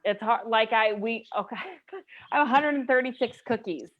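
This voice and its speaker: A woman in her forties from the United States, telling a personal story in a casual group chat, animated and emotional. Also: on the high side, normal speed, lo-fi sound. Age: 40s.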